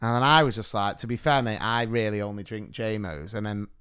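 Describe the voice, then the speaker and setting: A man's voice: on the low side, a little fast, smooth. A man, co-hosting a podcast and telling stories with lots of laughter and acted-out quotes. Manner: animated storyteller, acts out quotes, laughs a lot. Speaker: podcast co-host, teacher. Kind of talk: casual chat, storytelling.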